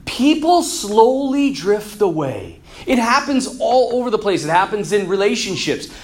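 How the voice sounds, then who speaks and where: A man giving an energetic, jokey Catholic talk to a group, acting out characters in his stories. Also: high-pitched, a little slow. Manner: energetic and jokey, acts out quoted characters, clears throat often. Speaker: Catholic speaker who does marriage counseling. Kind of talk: animated preaching talk to a youth audience.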